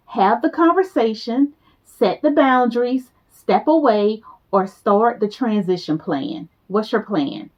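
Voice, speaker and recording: A woman giving a motivational talk to her viewers, casual and emphatic, repeating key phrases for weight. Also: mid-range voice. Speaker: motivational speaker. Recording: slightly dull lo-fi sound.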